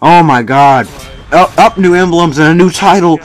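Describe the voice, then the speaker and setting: A young man giving excited, boastful commentary while playing a shooter game. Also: on the high side, normal speed, soft background music. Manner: boastful, frustrated, exclaiming. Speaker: gamer narrating his match. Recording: faint gunfire from the game behind.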